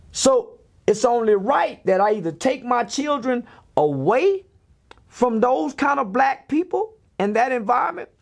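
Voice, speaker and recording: A man's voice: extremely high pitch, gravelly. A man giving a blunt, preachy rant in a podcast interview, firing off rhetorical questions. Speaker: interview guest.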